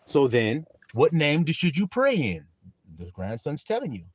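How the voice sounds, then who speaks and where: A man preaching a livestreamed sermon in a folksy, animated way, calling on his listeners and laughing often. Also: fairly high pitch, moderate pace, breathy edge, dry recording.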